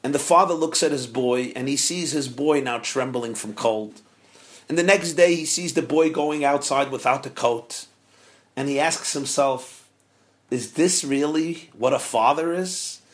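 A man giving a storytelling sermon as a Torah teacher, acting out the characters' lines with rising shouts. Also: mid-range voice, unhurried. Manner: animated, acts out quotes with rising shouts.

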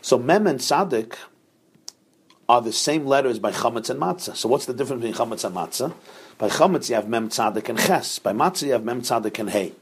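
Husky man teaching a Torah class. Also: mid-range voice, expressive, a little fast. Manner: explains step by step, often checking with 'right?'.

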